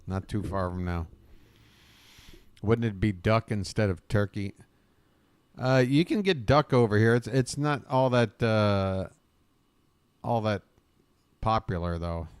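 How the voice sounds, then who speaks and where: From his home in Bangkok, an American man runs a live stream, chatting with viewers by name in a casual, rambling way with some swearing. He speaks slowly in a lowish voice, pausing often, and the tone is clean.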